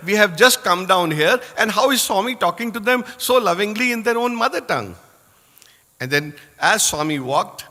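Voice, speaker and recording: Bright high-voiced Indian man in reverberant hall. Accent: Indian English. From Indore, North India. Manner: earnest storytelling, reverent. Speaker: alumnus giving a devotional talk. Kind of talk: reminiscing devotional speech. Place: large assembly hall.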